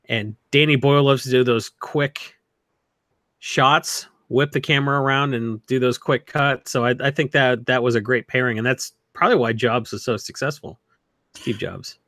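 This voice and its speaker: A man co-hosting a podcast, chatting about films in an opinionated, quick way and mocking other people's voices. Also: mid-range voice, fairly even intonation, fairly bright tone, dry recording, clean studio sound. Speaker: podcast co-host. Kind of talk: casual film discussion.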